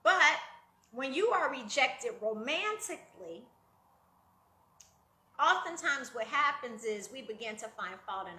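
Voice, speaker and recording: Bright, animated woman life coach. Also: roomy sound. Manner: animated, acts out quoted voices with big pitch jumps; conversational, addresses listeners as guys. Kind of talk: motivational talk to camera.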